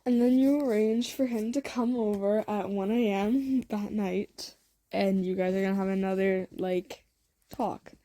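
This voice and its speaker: A young woman narrating a fan-made story in a casual, rambling way, full of fillers and asides and quick giggles. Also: mid-range voice, dark tone, dry recording. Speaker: fan audio story creator.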